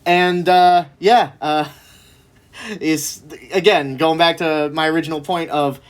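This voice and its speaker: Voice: medium pitch, steady tone, slow pace. Chatty vlogger rambling along, tons of likes and ums, keeps cracking up. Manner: rambling, laughs at own stories; heavy fillers like "like" and "um". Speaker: video creator. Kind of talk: casual chat.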